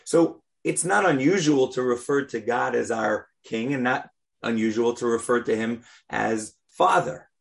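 A man teaching a weekly class on prayer, speaking deliberately and stressing key words as he explains them. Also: mid-range voice, creaky. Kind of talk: religious class lecture.

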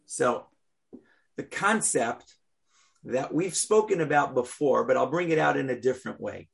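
A man with a gravelly, creaky voice leads a religious class. He speaks at a middle pitch, slowly and deliberately, leaning hard on the words he wants his listeners to catch. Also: lively intonation. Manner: deliberate, stresses key words. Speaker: teacher of a prayer class.

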